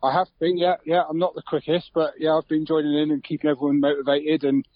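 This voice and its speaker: A man's voice: on the high side, flat delivery, fast talker, no echo, highs cut off. An easygoing man chatting casually in an interview about his football club, with frequent fillers. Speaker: club secretary interviewed on local radio.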